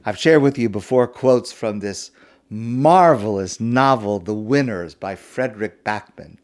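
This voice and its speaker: A male rabbi giving a sermon, telling a parable in an expressive storytelling manner. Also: on the low side, unhurried.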